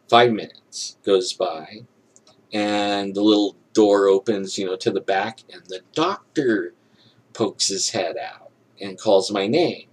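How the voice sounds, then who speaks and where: A man telling a personal story in casual speech, acting out what people said, full of "you know" and "like", chuckling now and then. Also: lowish voice. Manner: animated, acts out quoted dialogue; frequent fillers like "you know" and "like". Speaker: storyteller recounting a personal experience.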